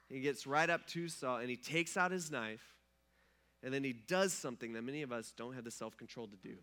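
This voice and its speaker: A pastor preaches to his congregation, turning scripture into a casual, lively retelling. His voice sits a little high and sounds bright and forceful. He slips into the characters' lines in an everyday tone. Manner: conversational storytelling, acts out characters casually. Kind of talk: sermon.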